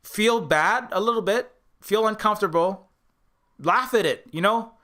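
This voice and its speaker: A man's voice: high voice, measured pace, sharp tone. A man who makes indie games, talking casually and rambling, with many restarts, some swearing and quoted voices for other people. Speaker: indie game developer. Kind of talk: casual spoken commentary.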